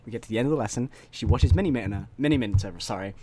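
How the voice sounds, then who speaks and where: A man's voice: mid-range voice, rapid-fire, noisy background. A man co-hosting a casual podcast, telling school stories and acting out quotes. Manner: animated storytelling, acts out quotes. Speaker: podcast co-host. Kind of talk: casual chat.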